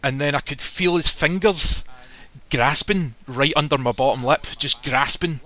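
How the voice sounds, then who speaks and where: A man's voice: on the high side, unhurried, pushed and bright. A man casually telling a personal story, blunt and swearing freely, acting out the lines people said. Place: live stream recording.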